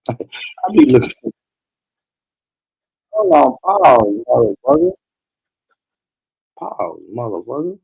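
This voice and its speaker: Man, gravelly, loose profane stream talk, laughing often. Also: mid-range voice, darkish tone. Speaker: host. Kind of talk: casual commentary livestream.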